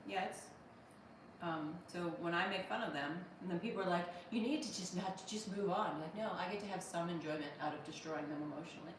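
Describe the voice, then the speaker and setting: A woman's voice: lowish voice, fairly quick, recorded from a distance, slight background noise. Wry American woman chatting on a livestream. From United States. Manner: wry, joking, thanks viewers by name. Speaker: livestream host reading viewer comments. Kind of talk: casual livestream chat. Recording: roomy echo from off-mic.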